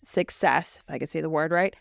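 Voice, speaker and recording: A woman's voice: deep voice, fairly quick, vocal fry, no echo, studio quality. A woman co-hosting a podcast, casually and animatedly recapping a TV episode, laughing often. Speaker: podcast co-host.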